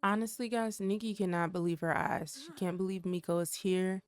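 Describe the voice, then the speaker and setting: Young woman, gameplay commentary, chatty, addresses viewers, medium pitch. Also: normal speed, no echo. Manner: chatty, talks straight to viewers. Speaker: gaming creator.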